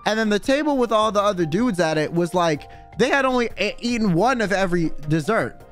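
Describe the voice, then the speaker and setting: High-voiced man telling a rowdy story. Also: animated, a little fast, faint music behind. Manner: swears freely, slangy, acts out quotes. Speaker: streamer guest telling a story. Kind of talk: animated casual storytelling.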